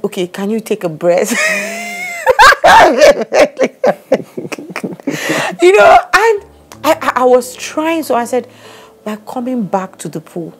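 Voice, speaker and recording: A woman, co-hosting a casual chat and telling a story with lively acted-out quotes. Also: medium pitch. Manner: animated storytelling, acts out quotes. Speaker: podcast co-host.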